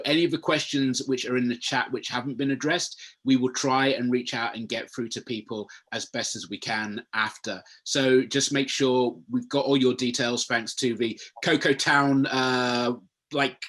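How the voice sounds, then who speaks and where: A man's voice: medium pitch, slightly rough. Man casually moderating a webinar. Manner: relaxed, conversational. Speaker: webinar host. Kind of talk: moderating a panel. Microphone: video call.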